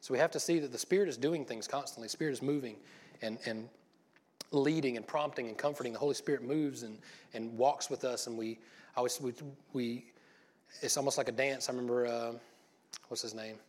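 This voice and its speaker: A man's voice: medium pitch, fairly quick. A man giving an informal church sermon, folksy and rambling, with joking asides to the congregation. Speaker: lay preacher.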